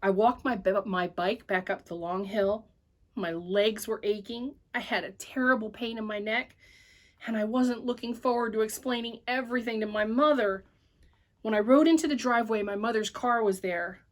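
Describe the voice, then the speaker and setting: A woman reading a children's story aloud at church with an expressive, animated delivery. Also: fairly high pitch, moderate pace.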